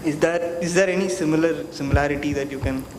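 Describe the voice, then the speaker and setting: A man in the audience asking a question, halting and hesitant with many fillers. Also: fairly high pitch, steady tone. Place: lecture hall. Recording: echoey hall with faint noise.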